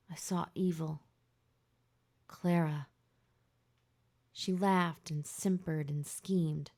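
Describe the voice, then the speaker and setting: A woman narrating a first-person audiobook in a hushed, tense, emotional way. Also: on the low side.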